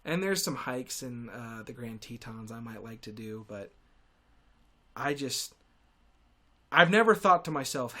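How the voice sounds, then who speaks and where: A man's voice: mid-range voice, expressive, unhurried, pauses often, sharp tone. A young man hosting a podcast, rambling through a comedic monologue with sarcastic, self-deprecating asides and frequent restarts. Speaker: podcast host.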